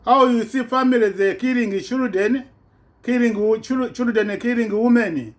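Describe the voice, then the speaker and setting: A man's voice: very high voice, normal speed. A man giving an impassioned political rant in broken, non-native English, repeating himself with indignation. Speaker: vlogger.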